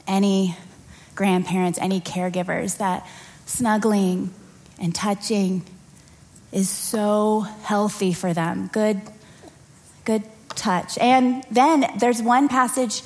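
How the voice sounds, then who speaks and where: A woman leading a prayer and then preaching in a church service, earnest and conversational, acting out little scenes as she tells them. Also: medium pitch. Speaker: children's or family pastor. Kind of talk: prayer and sermon.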